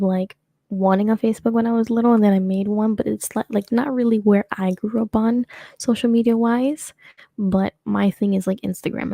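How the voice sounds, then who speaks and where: A woman's voice: mid-range voice, vocal fry, dark tone, no echo. A young adult woman hosting her own show, chatting casually and rambling with lots of fillers and restarts. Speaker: podcast host. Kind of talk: casual solo chat.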